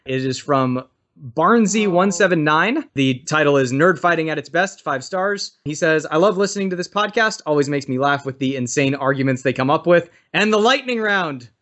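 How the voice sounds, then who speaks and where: A man's voice: a little high, animated, normal speed, a bit bright. Man co-host reading listener reviews. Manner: reads listener reviews with dry, wry asides. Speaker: podcast co-host. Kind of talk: casual podcast chat.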